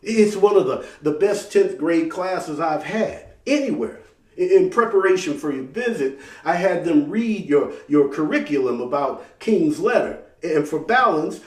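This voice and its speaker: A man's voice: a little high, lively intonation, unhurried, pitched above the performer's own voice. A man voicing an eager young teacher. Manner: eager, chatty. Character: young lanky male teacher, proud and friendly. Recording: roomy sound from a distant mic.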